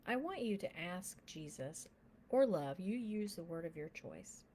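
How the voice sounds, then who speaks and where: A woman leading a guided prayer and telling a testimony, speaking softly with frequent whispers and becoming emotional as she tells the story. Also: fairly low pitch, a little hiss or hum. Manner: soft, slow and often whispered while guiding prayer; gets emotional and animated while telling the story. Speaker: minister.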